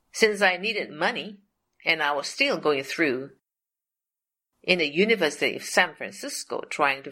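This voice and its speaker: Slow, deliberate woman telling a testimony. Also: on the low side, bright, forceful tone, slightly rough. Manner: slow, deliberate, repeats phrases for emphasis. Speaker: storyteller. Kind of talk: personal faith testimony.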